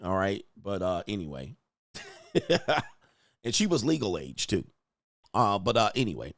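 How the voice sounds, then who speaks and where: A man's voice: on the low side, big pitch swings, unhurried, a bit bright, dry recording, clean studio sound. Crude, joking male commentary host. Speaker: host commenting on video clips. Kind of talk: reaction commentary.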